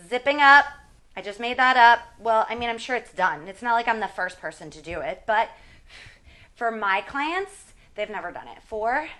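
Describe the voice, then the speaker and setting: With a bright, forceful voice at medium pitch, a woman in her forties leads a fitness demonstration. She chats casually and pokes fun at herself as she exercises, her speech occasionally strained from exertion.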